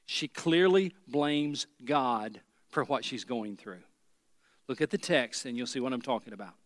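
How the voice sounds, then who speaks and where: A man's voice: medium pitch, lively intonation, measured pace, no room sound. Preacher, male, emphatic, builds through repeated phrases, dry close sound. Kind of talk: sermon.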